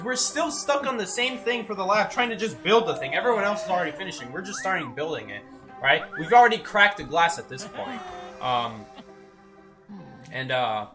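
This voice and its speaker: A young adult game streamer telling stories in casual chat, animated and often asking "right?". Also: mid-range voice. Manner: animated storyteller, tags lines with "right?". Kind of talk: casual chat while gaming.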